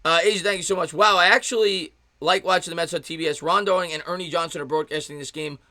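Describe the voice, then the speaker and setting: A man in his thirties calling a baseball game live as a fan, mixing pitch-by-pitch calls with replies to his chat viewers. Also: steady tone, fast talker, pushed and bright, dry recording, clean studio sound. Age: 30s. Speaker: fan play-by-play streamer.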